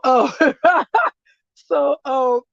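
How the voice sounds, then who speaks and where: A woman with a high voice tells a story as a casual, animated and profane vlog rant. Her voice is recorded dry, with a dull lo-fi sound. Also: drawn-out words, creaky, no echo. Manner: animated, profane, laughing through retelling. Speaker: vlogger.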